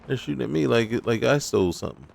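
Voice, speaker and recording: A man's voice: medium pitch, lively intonation, rapid-fire, creaky, slight background noise. A man giving casual gameplay commentary, talking to himself and scolding enemies in mock indignation. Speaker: gaming YouTuber.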